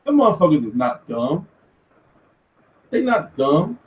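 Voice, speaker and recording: A man hosting a casual commentary show, talking in an animated, profane rant. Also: fairly high pitch, a little slow, highs cut off. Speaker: host. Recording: echoey room, far from mic.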